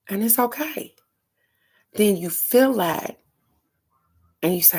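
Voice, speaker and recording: A middle-aged woman gives a casual card-of-the-day reading in a low voice. She talks slowly and takes her time. Her manner is frank and earnest, with the odd curse word. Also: animated. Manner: frank, earnest, occasionally profane. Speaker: oracle card reader.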